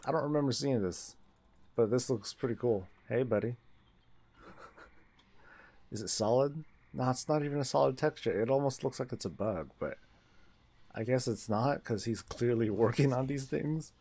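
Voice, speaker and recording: A man's voice: mid-range voice, moderate pace, long pauses, warm tone, slightly rough. A man chatting casually on a gaming livestream, rambling, restarting his sentences and laughing often.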